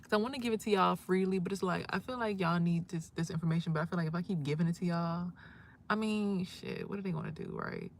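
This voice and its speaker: A woman hosting a livestream in casual talk, giving spiritual advice in a loud, emphatic, profane and preachy way. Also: on the low side, quick pace, slight background noise. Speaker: livestream host.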